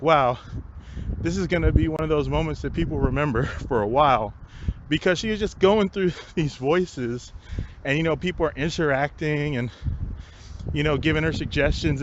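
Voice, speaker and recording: A man casually telling a work story in a vlog, swearing a lot and laughing as he talks. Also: a little high. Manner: profane, laughing often, animated storytelling. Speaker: vlogger. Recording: dull lo-fi recording with faint noise.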